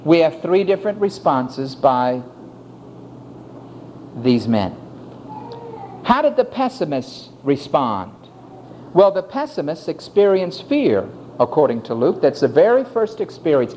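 Male preacher, deliberate and animated, sermon in a church hall. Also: fairly high pitch, slight background noise. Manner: emphatic, swings between soft and loud. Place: church building.

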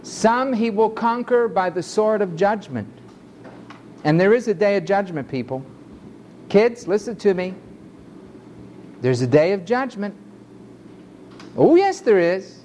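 A male preacher delivering an emphatic sermon in a measured cadence, stretching his phrases out. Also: sits high, expressive, darkish tone, a little hiss or hum.

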